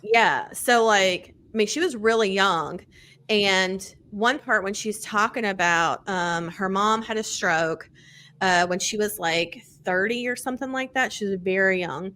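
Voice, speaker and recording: A woman hosts a podcast and talks books in a loose, gushing way. She fills her sentences with "like" and "um" and swears without a second thought. Her voice is bright and forward. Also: medium pitch, measured pace. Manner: chatty, many fillers, casual swearing; animated, excited storytelling. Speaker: podcast host. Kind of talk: casual book-review chat.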